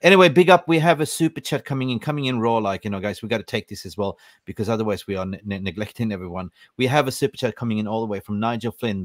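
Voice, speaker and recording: A man's voice: fairly low pitch, fast, hardly any pauses, no room sound, clean studio sound. A man hosting a football podcast, ranting emphatically in casual chat. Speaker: podcast host.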